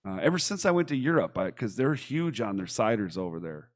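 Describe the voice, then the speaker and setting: A man's voice: on the low side, a little fast. Young michigan guy chatting on a wrestling podcast, hyped, drops f-bombs, rambles. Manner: excitable, swears freely, rambling. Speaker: podcast co-host. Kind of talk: casual chat.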